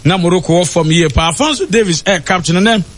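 A man giving football radio analysis in a halting way, with many fillers. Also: high-pitched, lively intonation, fairly bright tone. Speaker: match analyst.

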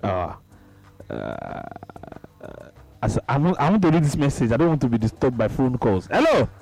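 A man's voice: medium pitch, wildly swooping pitch, moderate pace, gravelly, darkish tone, rough recording. A man with a Nigerian accent hosting a radio call-in show, jovial, laughing often and slipping into Pidgin as he reads messages. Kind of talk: casual call-in radio chat. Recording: radio broadcast with faint music.

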